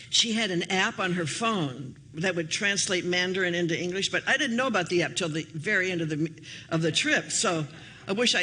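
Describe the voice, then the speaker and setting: Older woman minister, anecdotal sermon, lively swinging pitch, faint hum behind. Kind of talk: storytelling sermon. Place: church hall.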